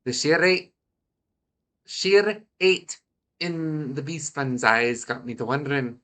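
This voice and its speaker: A congested man reading a gruff sailor in a Scottish accent, with blustery old-fashioned seafarer talk. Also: a little high, slow pace, fairly bright tone. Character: gruff male sailor in a seaside camp.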